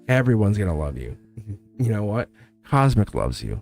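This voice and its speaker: A man's voice: lowish voice, big pitch swings, a little slow, creaky, long pauses, a little mellow, faint music behind. Encouraging man giving a tarot reading. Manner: encouraging, repetitive, talks straight to the viewer. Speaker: tarot reader.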